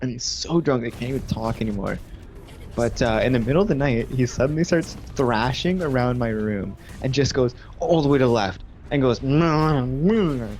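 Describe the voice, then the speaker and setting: A young man in his twenties telling a rowdy story on a gaming stream, animated and swearing freely. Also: medium pitch, brisk, soft background music. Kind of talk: casual chat on a gaming stream.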